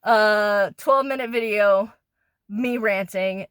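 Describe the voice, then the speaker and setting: A woman's voice: mid-range voice, slow pace, a bit bright, smooth, no echo, studio quality. A woman in a profane, rambling, angry rant done as an ASMR monologue, pissed off and disgusted, often stumbling and restarting. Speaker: ASMR creator.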